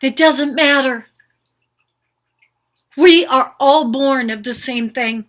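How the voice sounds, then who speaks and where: A woman's voice: high voice, takes it slowly, fairly bright tone. An older woman speaking an unscripted, heartfelt monologue as a spiritual healer, earnest and pleading, with repeated questions. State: emotional.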